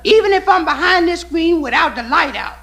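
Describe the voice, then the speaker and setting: A man voicing a prim, indignant woman patient in a stand-up story, talking in a shrill, fussy, insistent way. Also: animated, a little fast, vocal fry, exaggerated voice. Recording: loud hiss on an old live record.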